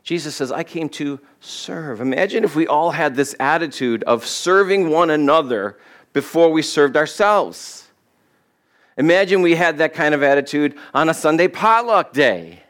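A male pastor giving a sermon in a loose, conversational way, often acting out quoted voices with sudden jumps up in pitch. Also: lively intonation, normal speed, fairly bright tone.

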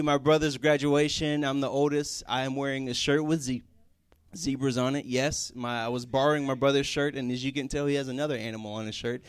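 A young male pastor gives a casual sermon, slipping into funny family anecdotes and acting out the voices. His voice sits a little high, and the sound is close and dry with no room echo. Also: smooth. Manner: animated, acts out family voices in stories. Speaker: youth pastor.

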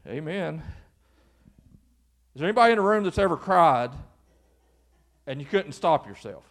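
A man's voice: a little high, animated, moderate pace, a bit bright. A male pastor preaching a folksy sermon to his congregation in church. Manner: folksy, acts out quoted voices.

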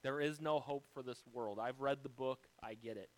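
Over poor audio, an American male pastor with a medium-pitched voice preaches at normal speed, addressing the congregation directly while going through numbered points. His style is dynamic, swelling loud and dropping quiet.

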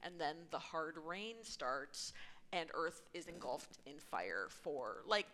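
A woman chatting on a book podcast, eagerly retelling a story. Her voice sits a little low but sounds bright and forceful. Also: sing-song, takes it slowly, slight background noise, low-quality recording. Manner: enthusiastic storyteller. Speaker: podcast panelist. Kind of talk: casual book-club podcast chat.

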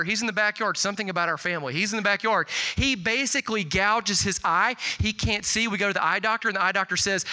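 Middle-aged guy preaching, bright voice, bit higher pitched, storytelling w lots of like, long hall echo. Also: quick pace, few pauses. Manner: animated storytelling, swings loud and high on quotes, filler "like". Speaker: pastor. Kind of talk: sermon.

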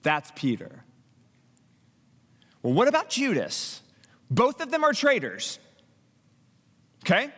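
A man preaching a sermon, telling stories with lively acted-out quotes and frequent stumbling restarts. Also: very high-pitched, takes it slowly, pauses often, long reverb tail. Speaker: pastor.

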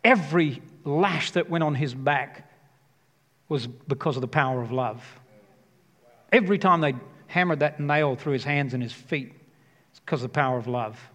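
Passionate pastor in a reverberant hall. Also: male voice, a little high, normal speed, pauses often, fairly bright tone. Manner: passionate, emphatic, repeats key phrases. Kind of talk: sermon.

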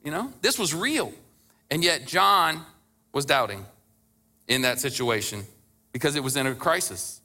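A male pastor preaching with a very bright, ringing tone and a fairly high voice. He talks in a conversational way, lowers his voice to act out scripture quotes, and builds to passionate emphasis. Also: animated, unhurried, long pauses. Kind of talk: sermon.

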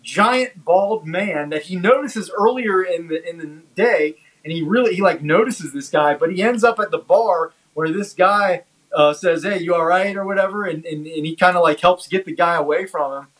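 A man co-hosting a casual podcast chat, talking haltingly with many fillers and restarts. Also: sits high, fairly bright tone, rough recording. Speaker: podcast co-host. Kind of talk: casual chat reviewing a comedy special.

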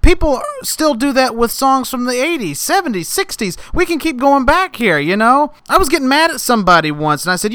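High bright guy doing an exasperated comedy rant, smooth clear voice. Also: very animated, fairly quick, few pauses, no room sound. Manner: exasperated, mock-angry, builds to outbursts. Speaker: podcast host. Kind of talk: ranting comedic monologue.

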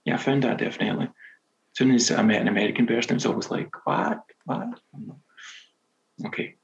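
A Scottish novelist speaks as an interview guest, his voice gravelly with fry. He tells his stories loosely and pokes fun at himself. The recording sounds dull and lo-fi. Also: mid-range voice, racing. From Scotland. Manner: relaxed, self-deprecating storytelling. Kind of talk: casual interview chat.

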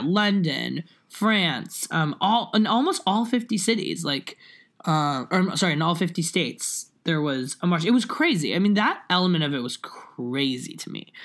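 A young woman talking in a loose, rambling way, full of fillers and half-started sentences. Her slightly low voice swoops widely in pitch as she chats. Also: a bit bright. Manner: rambling, with many fillers and restarts. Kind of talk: casual chat.

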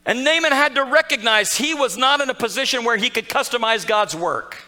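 A male pastor preaches, telling a Bible story with animated storytelling and slipping into its characters' voices. His voice sits high and sounds bright and forceful. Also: brisk, rough recording. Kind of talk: sermon.

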